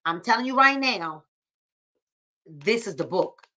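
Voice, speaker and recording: A woman's voice: mid-range voice, lively intonation, a little slow, sharp tone. A woman hosting a live book club stream, preachy and encouraging, often repeating her phrases.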